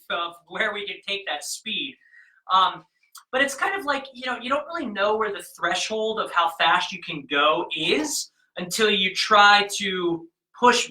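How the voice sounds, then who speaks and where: A man's voice: sits high, pushed and bright, reverberant, poor audio. A man leading a drumming lesson, talking learners through patterns and counting the beats aloud in an encouraging way. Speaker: drumming instructor.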